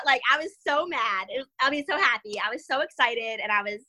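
A young woman with a bright, forceful voice pitched a little high tells a story as an interview guest. She is animated, laughs often and acts out the lines of people in her story. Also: a little fast, low-quality recording. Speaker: guest fighter.

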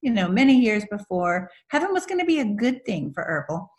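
Middle-aged woman, author guest, earnest storyteller, mid pitch. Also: very animated, a little fast. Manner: earnest storyteller, laughs through her story. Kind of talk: faith-based interview.

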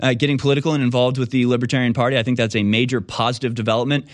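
A man's voice: mid-range voice, level tone, no echo. Dry-voiced man hosting a call-in show. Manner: joking, quick riffs, trails off into restarts. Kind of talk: casual call-in talk.

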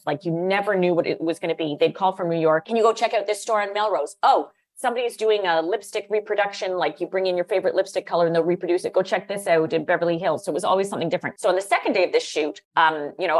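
A middle-aged woman telling lively anecdotes in a casual interview, using "like" a lot and laughing often. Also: on the low side. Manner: animated, lots of "like", laughs often. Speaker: guest, former magazine editor.

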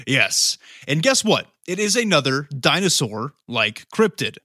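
Male podcast co-host, bright tone, dry close mic, casual and profane, leads the talk. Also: on the high side, very animated, a little slow, no echo. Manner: profane, joking, drives the topic. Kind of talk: casual chat.

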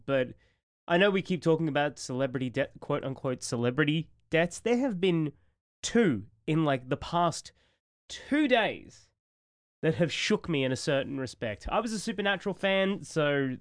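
A man's voice: fairly high pitch, animated, normal speed, no room sound, studio quality. A man in his thirties co-hosting a podcast, rambling and emotional in casual chat, swearing freely. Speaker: podcast co-host.

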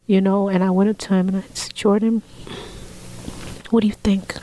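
A woman in her forties telling a personal story in an interview, heartfelt, often dropping to a soft whisper when quoting family. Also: medium pitch, flat delivery, normal speed, a little hiss or hum, rough recording. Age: 40s. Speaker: interview guest.

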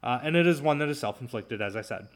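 A man's voice: medium pitch, animated, fast. A man hosting his own talk show, ranting sarcastically and mocking his opponents. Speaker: podcast host. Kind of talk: solo talk show commentary.

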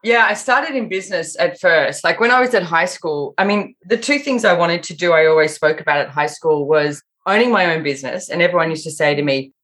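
Low-voiced Australian woman telling stories. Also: fairly quick, hardly any pauses. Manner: lively storyteller, quotes herself often. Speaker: podcast guest. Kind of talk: casual interview chat. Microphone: remote call-in.

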